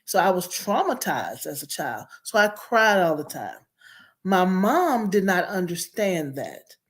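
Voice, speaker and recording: A woman's voice: fairly low pitch, very animated, unhurried. A middle-aged woman guest telling her childhood story in an earnest, reflective way. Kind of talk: personal storytelling.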